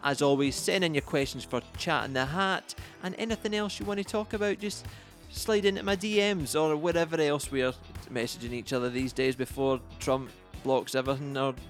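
A man's voice: a little high, a little fast, soft background music. Chatty man hosting a podcast. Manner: chatty, jokey sign-off. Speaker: podcast host. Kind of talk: casual podcast chat.

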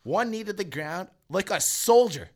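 A man co-hosts a casual podcast with a somewhat high voice. He swears freely and laughs as he acts out what people said. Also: expressive, moderate pace, a little mellow. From Canada. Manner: profane, laughing, acts out quotes. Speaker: podcast co-host. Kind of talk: casual storytelling chat.

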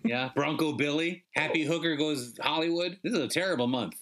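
A man's voice: a little high, brisk, a bit bright. A male podcast co-host chatting casually about movies, rambling and laughing often.

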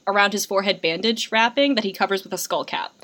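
A woman's voice: medium pitch, fast, fairly bright tone. A young woman co-hosting a casual film recap, chatty and sarcastic with lots of filler words. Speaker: podcast co-host.

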